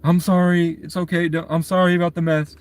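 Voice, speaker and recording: A man voicing a meek old woman who keeps apologizing, his voice pitched up. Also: level tone, a little fast, clean tone, close to an everyday voice. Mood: apologetic. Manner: repeated apologies, raised pitch.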